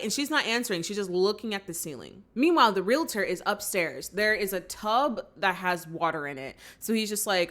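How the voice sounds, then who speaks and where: A woman with a mid-range, bright, forceful voice and lively intonation talks at normal speed with hardly any pauses. Hosting a movie reaction channel, she retells a film chattily, performing quoted lines and using plenty of "like" fillers.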